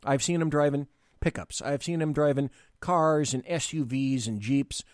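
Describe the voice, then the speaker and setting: A man's voice: fairly high pitch, moderate pace, dry recording, clean studio sound. A man hosting a live political talk show, blunt and rambling, with frequent restarts.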